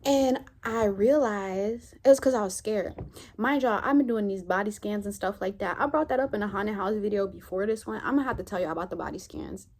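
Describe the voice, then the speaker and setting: A woman's voice: medium pitch, brisk, darkish tone. A woman vlogger talking candidly and reflectively to her viewers, in a rambling, heartfelt, conversational way. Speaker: spiritual vlogger. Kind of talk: candid reflective chat to camera.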